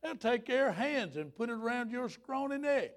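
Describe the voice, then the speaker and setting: Fervent high-voiced preacher man. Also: sing-song, moderate pace. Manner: fervent, folksy, rising to shouts. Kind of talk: revival sermon.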